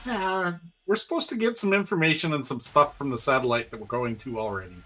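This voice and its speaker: A man playing a tabletop game in character, talking casually and deadpan, asking short questions. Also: fairly high pitch, brisk. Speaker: player.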